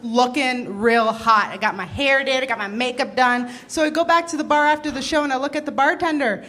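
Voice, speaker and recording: A woman's voice: high voice, a little fast, a bit bright. A woman from Canada performing a stand-up comedy set on stage, brash and punchy, laughing between jokes. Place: comedy stage before an audience. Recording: live comedy club recording with background noise.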